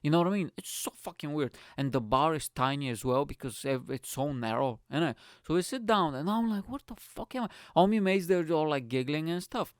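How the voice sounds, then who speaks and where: A man hosting a podcast, telling a story in an excitable, rambling way and swearing freely. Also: on the high side, fairly quick, few pauses, no room sound, clean studio sound. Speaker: podcast host. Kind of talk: casual storytelling monologue.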